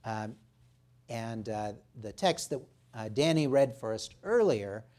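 A man preaching a sermon as a pastor, reading scripture and praying, with many "uh" fillers and swells in loudness for emphasis. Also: medium pitch, lively intonation, slow. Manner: frequent "uh" fillers, rising loud for emphasis.

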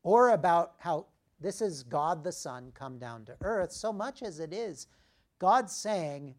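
Slow, emphatic male preacher. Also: a little high, expressive. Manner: slow, emphatic preaching with dramatic drops in volume. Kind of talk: sermon.

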